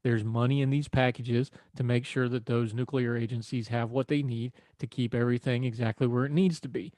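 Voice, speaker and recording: A man's voice: mid-range voice, steady tone, fairly quick, a little mellow, dry recording. A man hosting a political talk radio show, folksy and conversational with wry asides. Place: radio studio.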